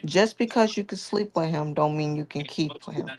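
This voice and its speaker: A woman co-hosting a live debate, explaining her view in a firm, steady, lecturing way. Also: low-pitched, moderate pace.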